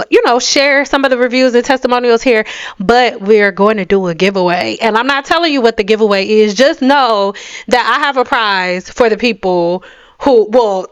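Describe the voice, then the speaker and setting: A woman's voice: fairly high pitch, fairly bright tone, clean tone, dry recording. A young woman hair care vlogger talking straight to camera, blunt and sassy, with emphatic delivery and playful mocking asides. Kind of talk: direct-to-camera rant.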